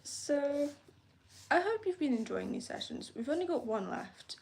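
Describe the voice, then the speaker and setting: Chatty young woman with vocal fry. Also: high-pitched, very animated, measured pace, a little mellow. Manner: chatty, upbeat, rambling with frequent laughs. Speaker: host of a live journaling stream. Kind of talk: casual live-stream chat.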